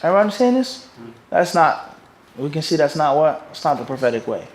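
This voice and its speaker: Mufti guy teaching a class, kinda high voice, keeps going "what?" and "everybody understand this?". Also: quick pace. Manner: quizzes listeners with fill-in "what?" prompts; animated, mixes in Arabic terms. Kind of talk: religious lecture.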